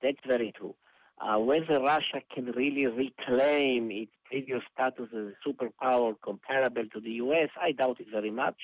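A male analyst, giving measured commentary in a news interview, pausing often with "uh". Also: medium pitch, no echo. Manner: measured, hesitant with many uhs. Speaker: analyst guest. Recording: dull lo-fi phone-like line.

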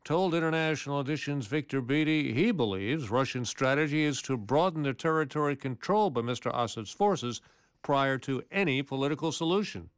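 A man's voice: medium pitch, lively intonation, a little fast, clear, resonant tone, no echo, clean studio sound. A male news anchor reading scripted news copy.

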